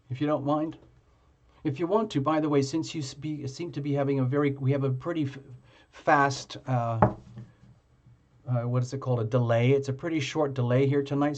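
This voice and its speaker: A man hosting a live tarot reading stream, chatting casually with viewers in a halting way, full of fillers and restarts. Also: fairly high pitch, darkish tone, dull audio.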